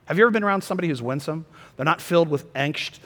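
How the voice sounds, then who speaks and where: Male pastor, higher voice, preaching a sermon, impassioned, loud peaks and soft drops, long hall reverb. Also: expressive, racing.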